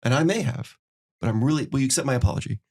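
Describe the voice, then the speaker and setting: Middle-aged male podcast host, rapid delivery, earnest advice-giver who acts out dialogue. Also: mid-range voice, darkish tone. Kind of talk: casual advice chat.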